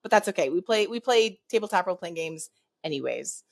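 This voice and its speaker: A woman's voice: on the low side, animated, brisk, creaky. A woman from the American South, co-hosting a casual chat in a giggly, self-mocking way. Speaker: podcast co-host.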